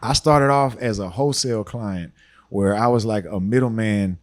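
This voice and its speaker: A man, a podcast guest telling long, relaxed stories full of "you know" asides. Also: on the low side, moderate pace. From Houston, Texas. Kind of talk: storytelling interview talk.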